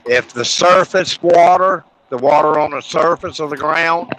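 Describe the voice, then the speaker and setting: A man's voice: a little high, measured pace, background noise. A man chatting on a livestream, explaining things plainly. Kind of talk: casual livestream chat.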